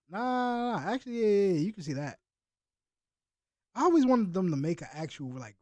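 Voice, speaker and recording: A man's voice: on the high side, darkish tone, no echo. A man chatting casually in slang with live viewers as he reacts to a video. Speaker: reaction streamer.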